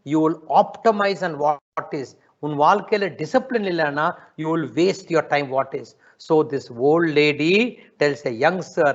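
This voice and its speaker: A man giving a lively spiritual talk, often asking his listeners questions. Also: on the high side, highs cut off. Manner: lively, asks the audience questions, mixes in Tamil. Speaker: spiritual teacher. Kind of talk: spiritual talk to an online audience. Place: ashram.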